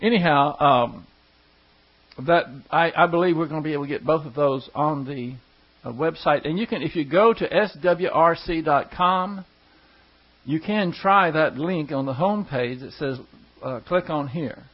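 A man's voice: fairly high pitch, normal speed. A man, a pastor telling stories to his congregation in a rambling, folksy way with chuckling asides. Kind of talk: casual storytelling to a congregation. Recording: dull lo-fi recording.

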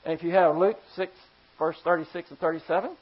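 Speaking fast with fairly even intonation, a pastor delivers a forceful sermon and keeps posing pointed rhetorical questions to the congregation. His voice is mid-pitched and slightly rough, captured on a slightly dull, lo-fi recording.

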